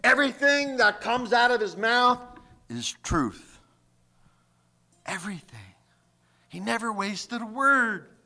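Male preacher, sermon, slow and deliberate, high voice, rhetorical questions, emphatic. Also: expressive, pushed and bright. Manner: slips into mocking quoted voices.

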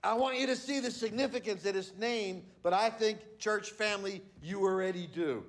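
A man's voice: sits high, normal speed. A male pastor preaching a sermon to his church, teaching in an emphatic way and stressing key words.

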